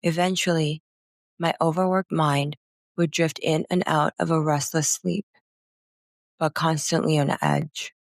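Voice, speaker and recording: A woman with a very low, gravelly voice reads a first-person memoir at a slow, unhurried pace. Her delivery is somber, and the recording is dry and close. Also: fairly even intonation, no echo. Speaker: narrator.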